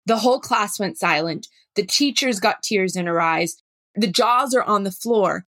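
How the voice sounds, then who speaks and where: A middle-aged woman, a workshop facilitator telling a story with animated, acted-out dialogue. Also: medium pitch, moderate pace, dry recording. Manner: animated, acts out dialogue in her stories. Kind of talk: storytelling talk.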